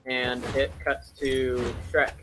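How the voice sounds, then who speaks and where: A man's voice: medium pitch, little pitch movement, takes it slowly, very noisy. A young man casually retelling a film plot, rambling and joking, with lots of fillers and self-corrections. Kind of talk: casual chat.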